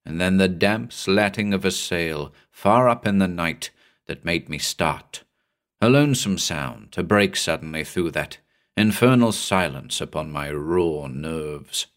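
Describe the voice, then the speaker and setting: A man narrating a horror story in a measured, suspenseful reading. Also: deep voice, animated, fairly bright tone. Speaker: audiobook narrator.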